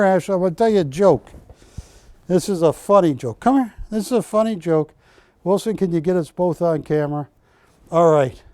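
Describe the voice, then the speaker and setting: A man's voice: high-pitched, mellow, no room sound. A man hosting a live shopping-channel show, selling art with a folksy, joking, bargain-pushing manner in a TV studio. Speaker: home-shopping host.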